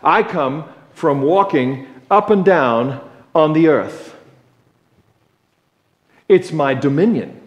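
A man voicing Lucifer as a boastful, defiant fallen angel who makes casual excuses. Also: medium pitch. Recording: echoey church sanctuary.

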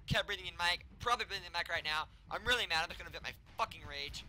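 A man giving angry gameplay commentary. He rants with a lot of profanity and swings between sudden shouts and low grumbling. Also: rapid-fire, hardly any pauses, slight background noise. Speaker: gamer.

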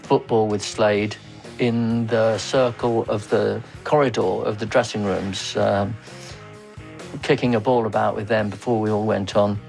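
A man's voice: lowish voice, flat delivery, measured pace, gravelly, darkish tone, soft background music. A man in an interview recalling backstage stories in an easygoing, anecdotal way. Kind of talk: reminiscing interview.

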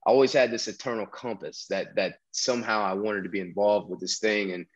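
Low-voiced man rambling. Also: steady tone, a little fast, lo-fi sound. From American South. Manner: rambling, many restarts and fillers. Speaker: podcast guest. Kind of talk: casual storytelling interview.

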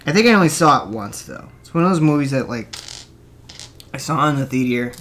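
A man's voice: mid-range voice, lively intonation, brisk, fairly bright tone, slight background noise. A man in his twenties rambling to himself into a desk microphone while building a toy kit, cracking jokes and swearing as he goes. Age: 20s. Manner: mutters and swears to himself, jokey asides. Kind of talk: rambling casual monologue.

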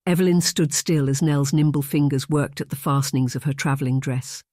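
An audiobook narrator reading a romance novel in an even, measured scripted style. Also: medium pitch, no echo, clean studio sound.

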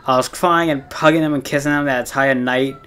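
While playing a game on stream, a young man rambles through a personal story packed with fillers and swearing. His medium-pitched voice is smooth, fairly bright and fairly quick, with fairly even intonation.

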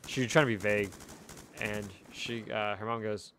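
Low-voiced young man telling a story. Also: fairly even intonation, fairly quick, pauses often, a bit bright. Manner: rambling storytelling with chuckles. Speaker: streamer. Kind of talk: casual chat while gaming. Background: faint video game gunfire.

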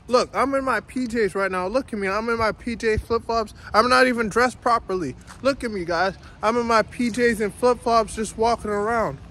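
A man's voice: high voice, a bit bright. A man ranting in a casual vlog while walking around his neighborhood outdoors, repeating himself and calling out "guys" again and again. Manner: repetitive, ranting, says "guys" constantly. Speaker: vlogger.

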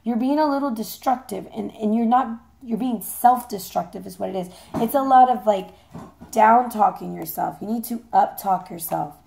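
Hoarse, gravelly woman reading tarot. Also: medium pitch, moderate pace, a little mellow. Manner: chatty, playful, swears casually. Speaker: tarot reader.

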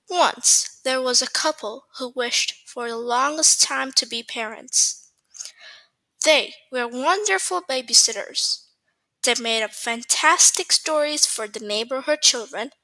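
Bright, slow storytelling woman. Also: high voice, no room sound, rough recording. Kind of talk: bedtime story reading.

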